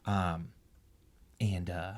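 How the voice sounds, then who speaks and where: A man's voice: sits low, level tone, very slow. A man sharing his marriage story in a candid interview, rambling with many restarts. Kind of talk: candid personal testimony in an interview.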